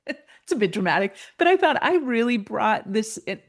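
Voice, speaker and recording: Laughing and animated, a woman mentor and coach relates a personal story during an interview at a regular pace. Whenever she gets excited, her voice jumps up in pitch.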